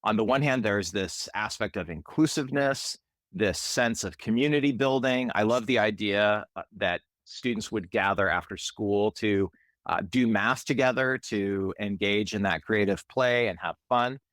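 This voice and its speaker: A man hosts a podcast interview, posing thoughtful, reflective questions at length. His voice sits on the low side. The sound is dry and close. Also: normal speed, fairly bright tone, dry recording. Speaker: podcast host.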